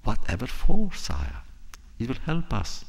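A man voicing a cautious, practical royal counselor who reasons in a measured way. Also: mid-range voice, huge pitch swings, creaky, slightly rough, pitched above the performer's own voice, exaggerated voice. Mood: reasoning.

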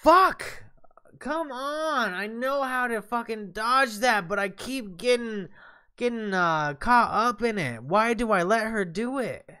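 A man streaming a game live, tipsy and swearing loudly at the boss as he comments on his play. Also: high voice, animated, unhurried, smooth. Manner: profane, yelling and cursing at the game. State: tipsy from drinks and smoking.

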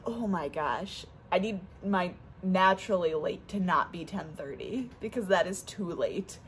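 A woman's voice: fairly low pitch, moderate pace, a little hiss or hum. A young woman talking casually to her camera at home, rambling with lots of fillers. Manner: chatty, rambling, many fillers. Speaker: vlogger. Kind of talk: casual vlog chat. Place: home, on the stairs.

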